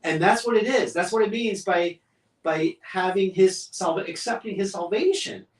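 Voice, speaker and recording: A man's voice: sits high, normal speed, recorded from a distance. Guy on a faith podcast, earnest and fervent, tripping over his words, roomy echo. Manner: earnest, fervent, many restarts. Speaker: podcast co-host.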